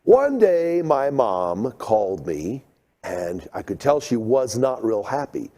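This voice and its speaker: A middle-aged man giving a seminar talk, telling stories with lively acted-out moments. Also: medium pitch, slow pace. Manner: animated storyteller, acts out scenes. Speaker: creation seminar speaker.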